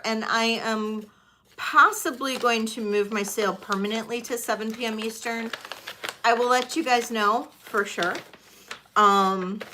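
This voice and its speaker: A woman's voice: on the high side, bright, forceful tone. A middle-aged woman hosting a live-streamed vintage jewelry sale, chatty and thinking aloud with many ums.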